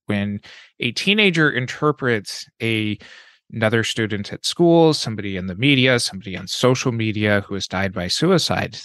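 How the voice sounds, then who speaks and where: A man, a clinician, explaining risk factors in a measured, clinical way during a podcast conversation. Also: lowish voice, fairly bright tone, no echo.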